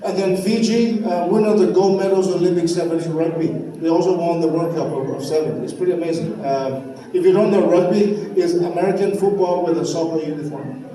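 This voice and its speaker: A man's voice: fairly high pitch, brisk, warm tone. A man from Samoa, hosting a live cultural stage show, joking and leading the crowd in call-and-response. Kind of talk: live stage presentation to an audience. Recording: echoey venue, distant mic, background noise.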